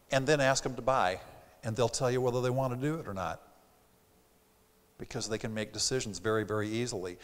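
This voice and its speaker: A man giving a live seminar on sales and personality styles, with a slight Southern accent, animated and acting out his customers' lines. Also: medium pitch. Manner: animated, acts out quoted customers. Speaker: sales trainer. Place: theater stage. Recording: reverberant theater hall.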